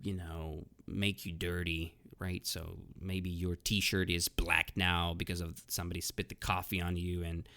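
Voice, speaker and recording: A man hosting a casual vocabulary lesson podcast. He explains words slowly with many fillers and keeps checking in with "right?" and "okay?". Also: sits low, level tone, sharp tone. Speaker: English teacher, podcast host.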